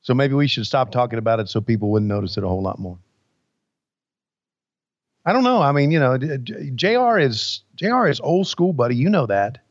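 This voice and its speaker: A very animated man with a medium-pitched voice speaks briskly while co-hosting a casual podcast. He's relaxed, rambles, and calls folks buddy. The sound is dull and dry, with no echo.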